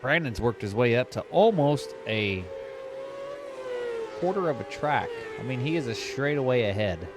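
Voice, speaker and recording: A man commentating an online sim race he is driving in, narrating the action in casual, excitable chat. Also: medium pitch, normal speed, over music. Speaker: sim racing commentator and driver.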